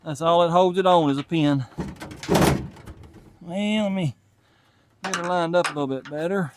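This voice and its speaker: Against a very noisy background, a Southern-accented man from Tennessee casually talks to the camera while fixing an old truck in his garage, thinking aloud. The channel host and mechanic has a fairly high voice and moderate pace.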